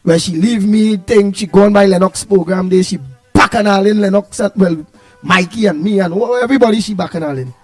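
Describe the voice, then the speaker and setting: A Trinidadian man co-hosting a live show, calling out greetings to viewers in an animated, half-singing way. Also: sits high, a little fast, no room sound. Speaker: co-host. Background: music playing.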